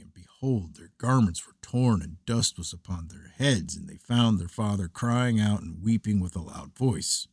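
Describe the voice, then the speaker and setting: A man narrating an old scripture text in a steady, measured storytelling cadence, recorded on a close mic. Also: on the low side, breathy edge, no echo.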